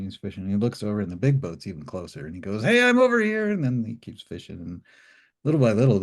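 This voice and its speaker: Male guest, deep and husky, rambling storyteller. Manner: relaxed, rambling, many fillers. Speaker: interview guest. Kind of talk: reflective storytelling.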